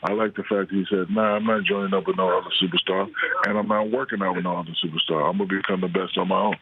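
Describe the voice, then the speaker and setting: Deep-voiced man on a tinny phone line. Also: steady tone, quick pace, very noisy. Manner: laid-back, repeats words while finding his point. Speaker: guest on phone. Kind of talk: casual chat. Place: home kitchen.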